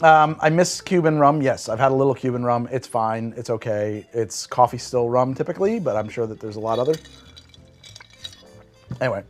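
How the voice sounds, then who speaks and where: A man's voice: mid-range voice, moderate pace. Rambling, profane male streamer. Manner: rambling, profane, thinking aloud. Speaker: live streamer. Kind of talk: casual livestream chat.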